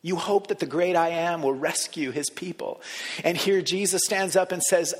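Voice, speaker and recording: A man preaching a sermon, talking the congregation through an imagined scene, moving between hushed, soft lines and raised emphasis. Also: on the high side, normal speed. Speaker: pastor. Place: church sanctuary. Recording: long reverb of a large hall.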